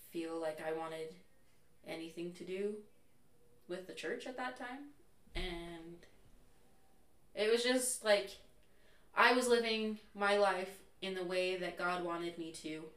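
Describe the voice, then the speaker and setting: A young adult woman, a guest in a casual chat, speaks in a lowish voice, slowly and with frequent pauses. She tells stories candidly and with animation, acting out what people said. The recording sounds roomy and echoey, with her voice far from the mic.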